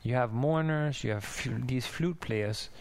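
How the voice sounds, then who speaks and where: Gravelly-voiced man preaching casually. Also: medium pitch, measured pace. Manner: conversational, musing, with restarts and small laughs. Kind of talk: sermon. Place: church in Denmark.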